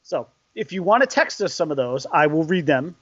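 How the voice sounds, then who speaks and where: A man co-hosting a casual live stream, excitable and quick to laugh, often trailing off mid-sentence. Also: fairly high pitch, no room sound. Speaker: co-host of a live stream show. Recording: dull, lo-fi stream audio.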